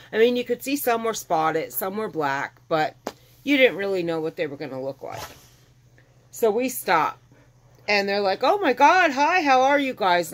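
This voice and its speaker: Chatty rambling middle-aged woman storyteller. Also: on the low side. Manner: chatty, rambling, acts out quoted dialogue. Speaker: vlogger telling her rescue story. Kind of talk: casual storytelling.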